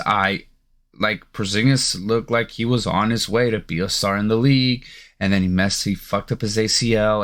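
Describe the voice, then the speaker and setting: A man's voice: mid-range voice, a bit bright. Podcast guy going off about hoops, cussing nonstop, rambly and heated. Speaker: podcast host. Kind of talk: casual sports rant.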